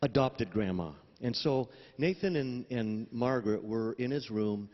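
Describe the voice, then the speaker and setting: A man's voice: mid-range voice, unhurried. A man hosting a memorial service, introducing a speaker and telling an anecdote with laughter. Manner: chatty, laughing storyteller. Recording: dull audio with long hall reverb.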